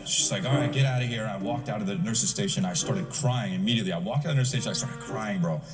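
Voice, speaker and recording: Profane comedian in an echoing hall. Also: male voice, on the low side, quick pace. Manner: profane, confessional, acts out dialogue. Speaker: stand-up comedian. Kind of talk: stand-up storytelling. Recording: roomy hall sound from far off with music.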